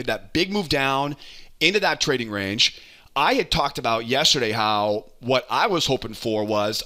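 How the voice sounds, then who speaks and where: A man teaching a trading lesson over charts, energetic and repetitive, often checking in with a quick "right?". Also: mid-range voice. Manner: energetic, punctuates points with a questioning "right?"; repeats phrases for emphasis. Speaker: trading educator. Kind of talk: live chart walkthrough lesson.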